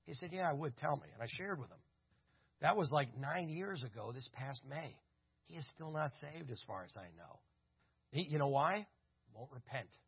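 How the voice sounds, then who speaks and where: A man's voice: fairly high pitch, moderate pace, gravelly, slightly rough. A man speaking at a church conference, telling stories in a sermon and acting out what people said. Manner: animated storyteller acting out dialogue. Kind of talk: storytelling sermon. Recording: dull lo-fi audio.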